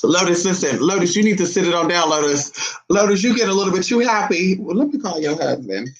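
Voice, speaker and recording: Chatting to camera with plenty of sass, a woman vlogger calls her listeners honey and swings her voice high and low with lively intonation. She talks briskly, and the recording is rough.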